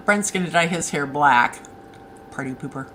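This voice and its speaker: A woman's voice: low-pitched, measured pace, pushed and bright, slight background noise, poor audio. A woman author hosting a casual live stream, chatting and answering viewer comments as they come in.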